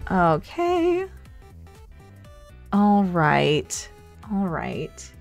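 A woman's voice: medium pitch, big pitch swings, extremely slow, creaky, faint music behind. A woman hosting a playful cafe role-play stream, giggling often and talking sweetly to her viewers. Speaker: streamer host.

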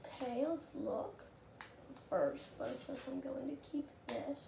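A woman giving casual, rambling gameplay commentary, getting excitable and shouting at the game. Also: high-pitched, slow pace, gravelly. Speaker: gaming channel host. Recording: roomy and noisy.

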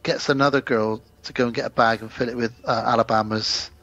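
A man's voice: fairly even intonation, a little fast, fairly bright tone, no room sound. A man co-hosting a podcast, casually recapping a film's plot and acting out lines from the scenes. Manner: retells scenes, acting out quotes in higher voices. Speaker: podcast co-host. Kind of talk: casual movie recap chat.

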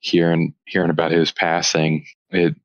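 A man's voice: low voice, completely flat delivery, normal speed, no room sound, muffled recording. A man co-hosting a podcast, talking in a somber, reflective casual way. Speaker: podcast co-host.

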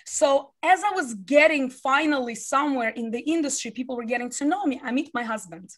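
A woman in her thirties from the USA, a business founder telling her life story in an interview, animated and acting out what people said. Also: high-pitched, a little fast. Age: 30s.

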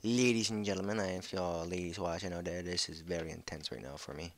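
A young man giving casual gameplay commentary from home on a headset mic, excitable, jumpy and swearing often. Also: low-pitched, fast, no echo. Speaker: gaming video creator.

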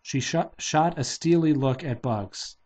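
Guy reading a kids book out loud, mid pitch, pretty flat about the character voices. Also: measured pace. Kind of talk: casual read-aloud of a children's novelization.

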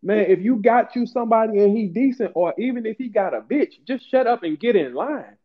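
A man hosting a casual chat, ranting with big swings in his voice. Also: fairly quick. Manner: animated ranting, swings high and low. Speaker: host. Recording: tinny phone-like line.

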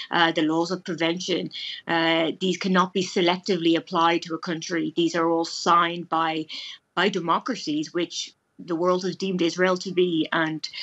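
Low, flat-voiced woman on a remote link. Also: breathy edge, highs cut off. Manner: emotional, hesitant, many fillers. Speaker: former diplomat and lecturer. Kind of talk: remote news interview.

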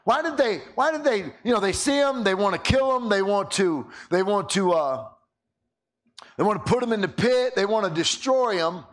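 A man's voice: high-pitched, animated, normal speed, fairly bright tone. A man preaching a sermon, telling a story and often repeating words as he starts his sentences.

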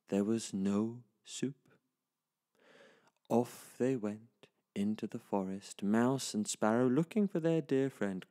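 A man telling a traditional children's story in a slow, lively, sing-song way. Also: fairly low pitch.

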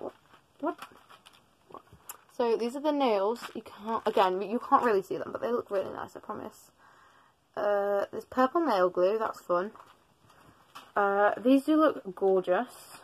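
A woman's voice: medium pitch, animated, a little slow, pauses often, slight background noise. Teen girl vlogger, casual and rambling, self-correcting, joking asides, recorded in a bedroom. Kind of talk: casual gift-opening vlog. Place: parents' bedroom.

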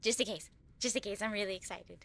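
A woman streaming a horror game, giddy and excitable, laughing often as she thanks her viewers. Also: medium pitch, fast, gravelly, slight background noise. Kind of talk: live gameplay commentary.

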